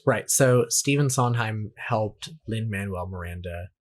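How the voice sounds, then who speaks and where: A man's voice: fairly low pitch, a little slow. A man co-hosting a casual movie review podcast, reading out trivia in a hesitant way and restarting his phrases. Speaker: podcast co-host.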